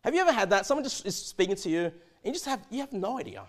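A man preaching a verse-by-verse sermon, animated and often repeating and restarting his words. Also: high voice, racing. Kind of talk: expository sermon.

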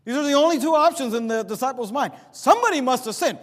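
A man preaching a sermon as a pastor, swinging from loud emphatic peaks to low quiet asides, with some sarcasm. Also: expressive, fast talker, few pauses, big-room sound.

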